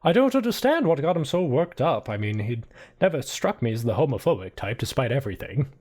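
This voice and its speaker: A man voicing a composed, wealthy gentleman in a tabletop game, talking in a breezy, matter-of-fact way. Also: medium pitch, big pitch swings, a little fast, voice pushed up.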